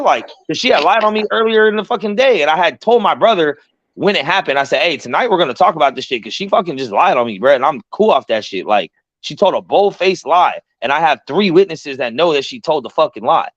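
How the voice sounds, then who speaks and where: A man hosting a casual talk show, telling a story in an animated, profane way and acting out the voices of the people in it. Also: a little high, brisk, no room sound, highs cut off. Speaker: podcast host.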